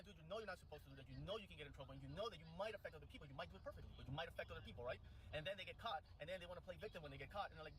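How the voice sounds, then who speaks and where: A man with a Miami accent delivers a blunt, profane opinion rant at a breakneck pace. His voice sits fairly high and bright, with a forceful edge. Faint background noise runs under him. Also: rapid-fire, poor audio.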